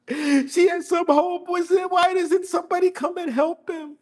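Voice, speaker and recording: A man's voice: very high voice, fairly even intonation, moderate pace. A man giving a Muharram mourning sermon in a mosque, sobbing and impassioned, his voice rising into cries. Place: mosque hall.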